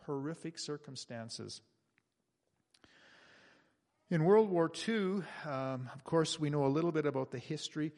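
A man preaching a sermon, earnestly retelling a story and slowing down when he reads quoted passages aloud. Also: fairly high pitch, gravelly, long reverb tail. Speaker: pastor. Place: church.

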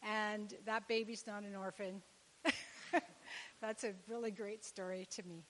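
A woman's voice: mid-range voice, fairly even intonation, slow, fairly bright tone. A woman tells a story in a loose, rambling way, often circling back with "anyways". Her voice carries a long hall reverb with faint hiss behind it. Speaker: charity co-founder, speaker's wife. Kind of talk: storytelling talk.

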